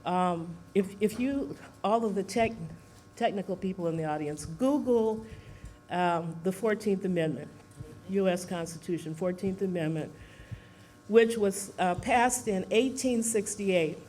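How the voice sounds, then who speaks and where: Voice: medium pitch, a little mellow. Speaker at a seminar, kinda out of breath, lots of uhs, keeps asking the crowd stuff, faint hiss behind. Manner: halting, many fillers, asks the audience questions. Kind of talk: informal public talk to an audience.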